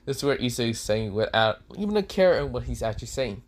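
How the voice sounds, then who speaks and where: A man's voice: medium pitch, sing-song, quick pace, few pauses. A man improvising the narration of a fan-fiction story, rambling and full of fillers.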